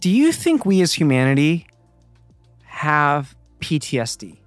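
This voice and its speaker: A man's voice: a little high, very animated, unhurried, no echo, soft background music. A man in casual podcast chat who teases, swears freely and riffs on topics. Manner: blunt, profane, riffing and teasing.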